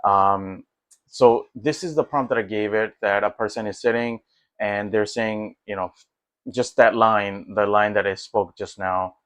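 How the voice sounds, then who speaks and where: A man with a fairly low voice chats through his tech test results in an easygoing, rambling way. He leans on fillers and restarts his sentences, sounding excited more than polished, and the dry recording has no room echo. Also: a little slow, smooth. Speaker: tech vlogger. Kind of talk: casual walkthrough commentary.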